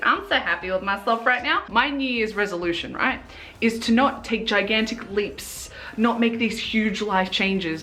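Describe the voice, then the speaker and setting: A woman's voice: medium pitch, fairly bright tone. Rambling young woman makeup vlogger. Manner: rambling and chaotic, with many fillers and restarts; earnest and self-reflective. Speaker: beauty vlogger. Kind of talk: casual confessional chat while doing makeup.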